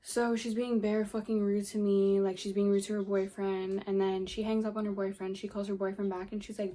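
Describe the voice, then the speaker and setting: Here the young woman speaks fairly fast with hardly any pauses, her medium-pitched voice mellow and level. She's a vlogger telling an exasperated, casual story packed with profanity and "like."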